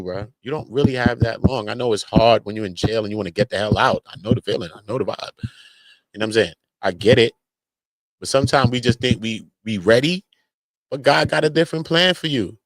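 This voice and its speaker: A man giving casual online commentary, animated and slangy, often breaking into mocking impressions. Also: mid-range voice, no echo.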